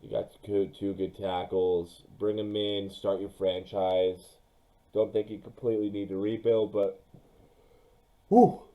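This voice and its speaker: A young man giving casual, excitable commentary on his own football mock draft, speaking straight to his viewers. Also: lowish voice, measured pace, rough recording. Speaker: sports YouTuber.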